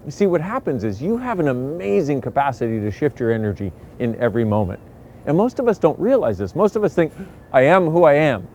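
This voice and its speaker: A man giving a casual motivational talk to camera, animated and lively, acting out the voices he quotes. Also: on the high side, fairly quick, a little hiss or hum. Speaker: self-help speaker.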